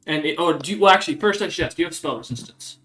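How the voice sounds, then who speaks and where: A man's voice: a little high, animated, very fast, pushed and bright. A man narrating a tabletop game as game master, talking in a rambling way full of ums and uhs.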